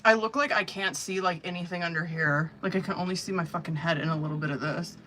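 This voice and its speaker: A woman's voice: lowish voice, fast, sharp tone, a little hiss or hum. A woman giving a live-stream tarot reading, talking bluntly and animatedly with lots of swearing and slang. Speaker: tarot reader.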